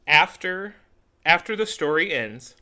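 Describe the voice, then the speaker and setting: Man, young adult, podcast co-host, casual chat, bright tone, animated retelling. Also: a little high, a little slow, clear, resonant tone. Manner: animated storytelling, acts out characters' lines.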